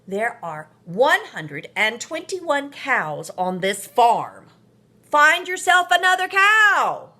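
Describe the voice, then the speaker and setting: A woman voicing a bossy older sister in a storybook, loud and scolding. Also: high voice, sing-song, takes it slowly, voice pushed up, full character voice. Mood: scornful.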